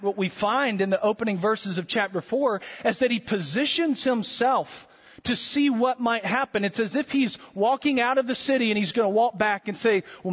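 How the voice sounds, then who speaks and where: A man preaching a sermon as pastor, earnest and emphatic, slowing down with dramatic pauses to stress key words. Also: sits high, husky, long reverb tail.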